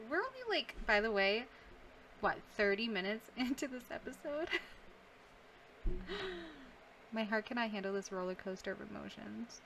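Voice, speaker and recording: A woman's voice: mid-range voice, animated, normal speed, gravelly, long pauses, noisy background. A young woman giving casual, emotional let's-play commentary on a game, gasping, sighing and laughing as she reacts. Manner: emotional, reacting aloud with gasps, sighs and laughs. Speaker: gaming YouTuber.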